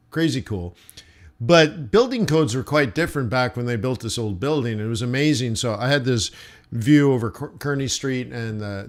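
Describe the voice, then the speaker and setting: A man hosting live market commentary, talking in an animated, blunt and mocking way. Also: medium pitch. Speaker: trading show host.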